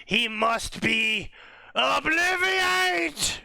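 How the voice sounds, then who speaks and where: A cold, fanatical old wizard, played by a man in a mocking fan-fiction reading. His proclamations are stretched out and melodramatic, pitched well above the reader's own voice. The voice is bright and close in a dry room. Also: lively intonation, very slow, creaky, dry recording, full character voice. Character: ruthless old male wizard, coldly fanatical.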